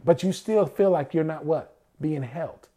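In a warm, somewhat high voice, a man delivers an unhurried, conversational sermon. He frequently asks rhetorical questions only to answer them, and he performs the voices of those he quotes.

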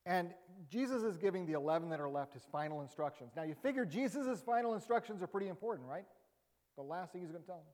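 Humorous pastor with a raised voice. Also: male voice, high-pitched, animated, fast, a little mellow, long reverb tail. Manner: conversational, humorous, rising emphatic bursts. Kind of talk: sermon.

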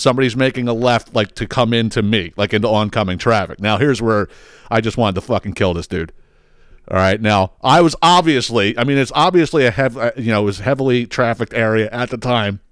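A man hosting a podcast, telling a long, profane, animated rant full of restarts. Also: on the low side, no room sound, studio quality. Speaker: podcast host. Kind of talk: ranting storytelling.

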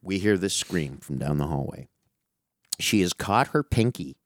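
Middle-aged guy, lowish voice, dry close mic, animated profane storyteller. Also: unhurried, dry recording. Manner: animated, profane, calls listener dude. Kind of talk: casual storytelling chat.

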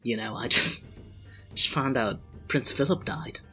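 A man's voice: mid-range voice, unhurried, sharp tone, soft background music. A man voicing a brash male British office worker in improvised role-play, his put-on British accent drifting between regions. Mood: mock-mournful. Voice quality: loose, wandering put-on accent.

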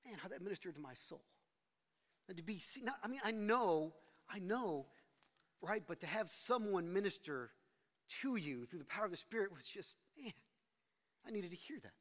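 A man's voice: high-pitched, animated, normal speed, pauses often, a bit bright, big-room sound. A middle-aged man preaching a sermon, telling a personal story in a conversational, self-deprecating way with frequent restarts. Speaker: pastor.

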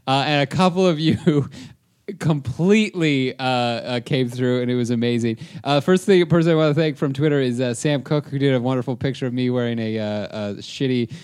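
Man, podcast co-host, smooth resonant voice, casual rambling chat, lots of fillers. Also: medium pitch. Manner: rambling, many "uh" fillers, laughs often.

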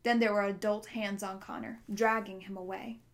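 A woman narrating a novel at a steady pace, with small slips now and then. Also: medium pitch, normal speed. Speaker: audiobook narrator. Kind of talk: reading a novel aloud.

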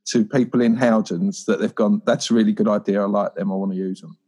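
Guy, inventor on a podcast, earnest and a bit halting, lowish voice. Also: steady tone, dark tone, breathy edge. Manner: earnest, self-correcting, lots of ums and repeated starts. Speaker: inventor and guest. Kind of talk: casual chat.

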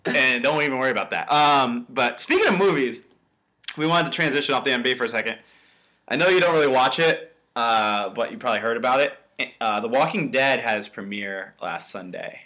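A young man with a mid-range voice co-hosts a podcast at a brisk clip. He chats casually, telling stories with animation and acting out the quotes in the scenes he retells.

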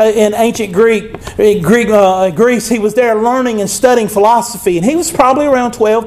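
Male preacher, high voice, conversational sermon, scripture reading. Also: a little mellow.

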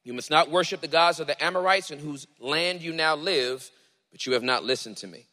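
A man preaching a sermon, reading scripture dramatically and then teaching in a relaxed way. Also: a little high, a little fast, long reverb tail. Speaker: pastor.

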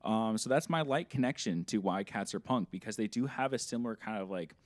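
A man's voice: fairly low pitch, expressive, a little fast, dry recording. A man co-hosting a podcast in casual chat, rambling and swearing freely, sometimes acting out the people he quotes. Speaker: podcast co-host.

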